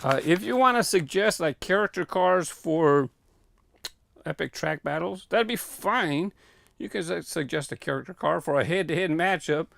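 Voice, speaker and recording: Guy with a gravelly, kinda high voice rambling thru his diecast car stash, lots of uhs, a bit out of breath. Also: lively intonation, normal speed, fairly bright tone. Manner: rambling, filler-heavy, thinking aloud. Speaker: toy car collector vlogger. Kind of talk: casual walk-through vlog. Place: home warehouse room.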